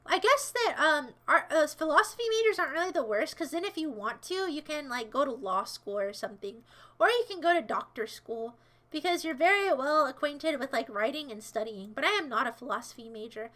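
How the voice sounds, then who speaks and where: A woman's voice: high voice, expressive, a little fast. A woman livestreamer chatting casually with her viewers in a playful, rambling way, teasing and mock-defending herself. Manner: bursts into shouted mock-villain commands. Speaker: livestreamer answering chat.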